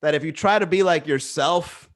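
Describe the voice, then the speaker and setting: Male podcast host, slightly high voice, rambling and philosophical, loose and profane, recorded at home. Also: normal speed. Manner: rambling, musing, swears freely, many fillers. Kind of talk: casual solo podcast monologue. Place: indoors at home.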